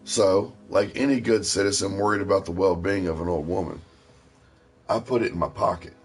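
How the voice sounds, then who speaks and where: A man's voice: sits low, fairly even intonation, a little fast, slightly rough, faint music behind. A man from Ohio telling rambling personal stories in a casual, profane way. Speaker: stream host. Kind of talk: casual storytelling.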